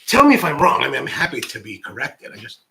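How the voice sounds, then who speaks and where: A man's voice: medium pitch, huge pitch swings, quick pace, creaky, crowd noise, low-quality recording. A man from the United States, a coffee professional hosting his own channel, chatting casually to camera in a rambling, candid, self-deprecating way full of "like" and restarts.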